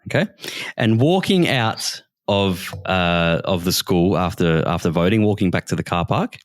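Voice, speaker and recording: A man's voice: deep voice, lively intonation, unhurried, no echo, studio quality. An Australian man co-hosting a podcast, rambling and repeating himself in casual chat. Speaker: podcast co-host.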